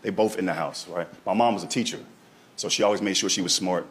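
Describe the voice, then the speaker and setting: A man with a Texan accent telling a story on a comedy club stage, checking in with the audience with a steady "right?". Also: low-pitched, fast. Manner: punchy, keeps asking "right?" to the crowd. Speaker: stand-up comedian. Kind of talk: stand-up storytelling. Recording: live club crowd. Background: audience laughter.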